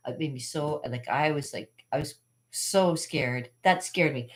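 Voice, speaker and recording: Low-voiced woman telling rambling stories. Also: moderate pace. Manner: chatty, digressive, laughs often, many fillers. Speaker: magician and channel host. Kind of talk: rambling personal storytelling.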